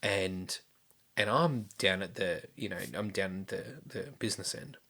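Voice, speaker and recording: Young man, podcast host, lowish pitch, bright forward tone, loose rambling storytelling with casual swearing. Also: normal speed. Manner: rambling, many restarts and fillers, swears casually.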